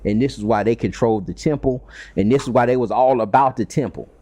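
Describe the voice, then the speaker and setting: A man's voice: medium pitch, fast talker, mellow. A man leading a casual Bible study, talking in a loose, rambling way with many fillers.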